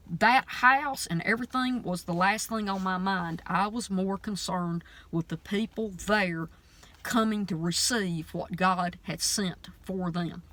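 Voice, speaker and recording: A woman's voice: medium pitch, a bit bright. A middle-aged woman telling a story in a casual faith vlog, earnest and emphatic, with a preacher's fervor. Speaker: preacher and vlogger. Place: out running errands between stores.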